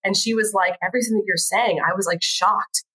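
Bright, husky-voiced woman telling stories. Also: medium pitch, brisk, low-quality recording. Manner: animated storytelling, acts out quoted voices. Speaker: podcast guest, educator. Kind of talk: casual conversation.

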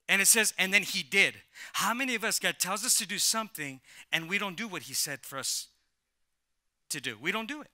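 A man preaching a sermon as pastor, conversational at first and rising to loud, emphatic preaching. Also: sits high, animated, a little fast, no room sound, clean studio sound. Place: church.

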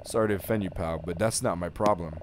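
A man's voice: sits low, fast talker, noisy background, pitched below the performer's own voice, lightly acted. A man doing a curt, rude tired stranger. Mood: annoyed. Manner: curt, dismissive. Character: rude, tired middle-aged man in a suit.

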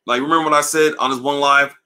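A man hosting a livestream, ranting in a casual, profane way, animated and repeating himself. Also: a little high, quick pace. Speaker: livestream host. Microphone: livestream mic.

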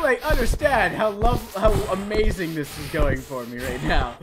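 A let's play gamer commenting on a horror game, excitable and playful, shouting at scares and chatting to the figures on screen and to viewers. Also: medium pitch, normal speed, few pauses, loud music behind the voice.

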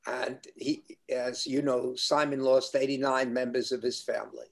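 An older man, a rabbi, answers interview questions in a measured, earnest way. He tells his stories at a mid-range pitch. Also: level tone, gravelly.

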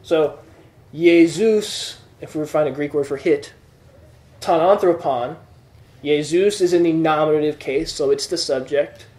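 A man's voice: on the high side, a little slow, dark tone. A man teaching a classroom lesson, explaining patiently and checking that students follow. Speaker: Greek teacher. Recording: echoey room.

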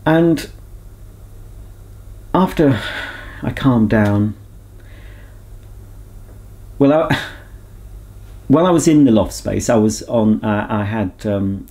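Male vlogger with a low, warm voice; candid, rambling, self-reflective delivery. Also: slow, pauses often. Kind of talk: casual chat to camera.

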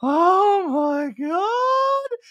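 A man voicing a giddy, starstruck woman who gasps and gushes in drawn-out squeals. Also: very high voice, big pitch swings, pushed and bright, no room sound, lo-fi sound, pitched above the performer's own voice, full character voice.

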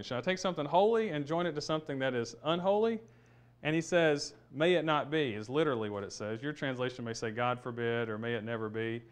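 A man's voice: fairly high pitch, a bit bright. A man teaching a Bible study lesson, explaining a passage step by step in a conversational way, thinking aloud with restarts and fillers.

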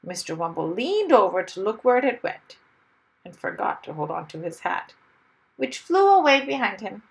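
A woman reading a children's story aloud with expressive, lively storytelling. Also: mid-range voice, normal speed, creaky, poor audio. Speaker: storybook reader.

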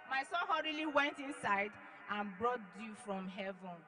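A woman giving an emotional church testimony, dramatic, acting out her own shouts and then dropping to hushed tones. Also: high voice, expressive, moderate pace, rough recording. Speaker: testimony giver.

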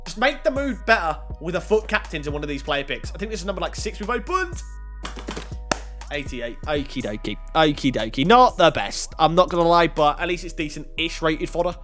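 A high-pitched young man talks through opening game packs, his voice leaping all over the place as he swings from disappointed groans to sudden yelps. The delivery is casual and excitable, with faint music playing underneath. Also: fairly quick. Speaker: gaming YouTuber.

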